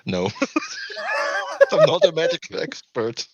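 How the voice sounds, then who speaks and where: Joking man player, very lively pitch. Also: muffled recording. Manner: joking, quick to laugh, crude banter. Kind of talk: playing a tabletop game.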